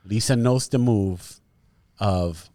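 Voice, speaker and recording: A man's voice: lowish voice, slow pace, no room sound. A middle-aged man from New York, co-hosting a casual podcast chat, telling stories with lots of swearing and acting out what others said. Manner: animated storyteller, swears freely, acts out others' lines. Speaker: podcast co-host.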